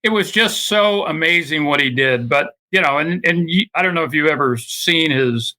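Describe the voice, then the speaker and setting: Bright-voiced older man, halting guest. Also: fairly high pitch, expressive. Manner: earnest, halting, with many fillers and repeats. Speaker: interview guest, author. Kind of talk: conversational interview.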